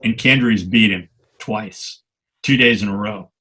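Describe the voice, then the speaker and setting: Older male guest, vivid anecdotal storyteller with a bright, forceful tone. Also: lowish voice, a little slow. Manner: animated anecdotes, salty language. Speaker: guest photographer. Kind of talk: storytelling interview.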